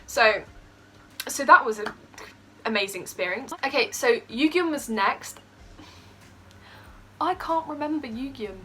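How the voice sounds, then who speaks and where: A young woman telling a story in a casual vlog, excitable and gushing, laughing often. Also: a little high, unhurried, long pauses, a little hiss or hum. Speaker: vlogger.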